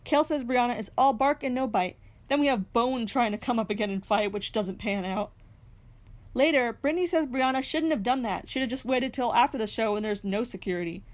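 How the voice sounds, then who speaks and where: A woman's voice: on the high side, fairly quick. A young woman narrating a reality TV recap in a scripted way, with sarcastic, snarky asides. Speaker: recap host.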